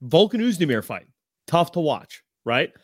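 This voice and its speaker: Slightly high-voiced male co-host, dry sound. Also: very animated, normal speed, slightly rough, no room sound. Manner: analytical, many fillers. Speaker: co-host analyst. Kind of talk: casual sports analysis.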